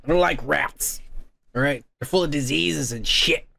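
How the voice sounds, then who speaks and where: A man hosts a comedy podcast in a high, gravelly voice. He rants crudely about the news, full of swearing and rambling tangents. He laughs at his own jokes, recorded close and dry. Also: moderate pace, pushed and bright, no room sound. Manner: profane, rambling, laughs often. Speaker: podcast host.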